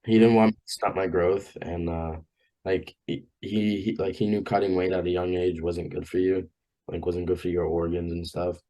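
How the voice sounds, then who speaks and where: A young man with a Long Island accent and a somewhat low voice. He chats in a relaxed, easy way as a podcast guest, filling his sentences with "like". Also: moderate pace. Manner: relaxed, chatty, uses lots of "like". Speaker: guest, college wrestler. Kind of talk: casual chat.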